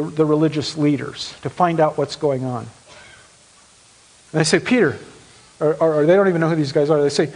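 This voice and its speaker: Man preacher, high voice, animated storyteller, slips into character voices and hushes for serious moments. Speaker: pastor. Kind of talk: sermon storytelling.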